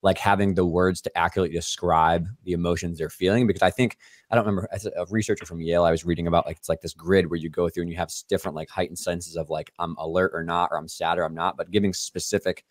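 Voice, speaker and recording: A man's voice: sits low, steady tone, dry recording, clean studio sound. A man hosting a podcast interview, explaining in a casual way with lots of "like". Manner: quick, explanatory, hedging with "like". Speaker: podcast host.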